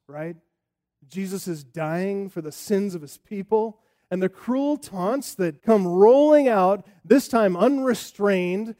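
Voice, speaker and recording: Male pastor, sermon delivery: high-pitched, warm, expressive, rhetorical. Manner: expressive preaching with rhetorical questions.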